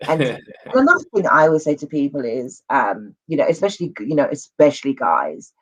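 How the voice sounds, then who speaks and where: A talk show host speaking casually and haltingly, restarting sentences often. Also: medium pitch, sing-song, rough recording. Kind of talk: casual interview chat.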